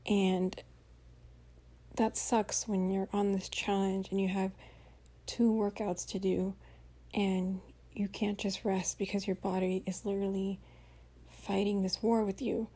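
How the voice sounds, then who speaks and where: A tired woman talks in a casual spoken-diary podcast, chatty and venting, full of fillers and the odd swear. Her voice is mellow and slightly husky, with a middling pitch. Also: flat delivery, measured pace. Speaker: podcast host. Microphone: home voice recording.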